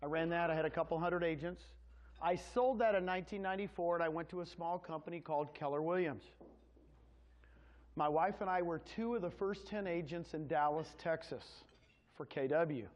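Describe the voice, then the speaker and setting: A man's voice: fairly high pitch, normal speed. A middle-aged man giving a sales presentation to an audience, telling his story in a folksy way and speaking directly to the crowd. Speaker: real estate presenter. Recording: dull lo-fi sound.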